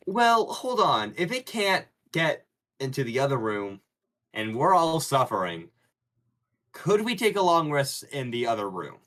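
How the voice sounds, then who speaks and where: A man's voice: mid-range voice, big pitch swings, unhurried, a bit bright. A man playing a tabletop game, casual and jokey. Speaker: player.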